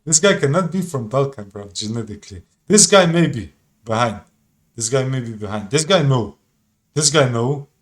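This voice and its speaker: A man's voice: mid-range voice, animated, moderate pace. A man giving casual reaction commentary in an insistent, repetitive way, sometimes swearing. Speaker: reaction streamer.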